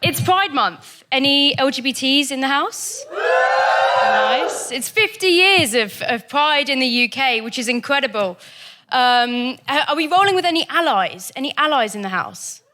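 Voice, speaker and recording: A stand-up comic working the crowd in a dry, conversational way on a comedy club stage. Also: female voice, high-pitched, sing-song, measured pace, heavy background noise. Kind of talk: stand-up routine.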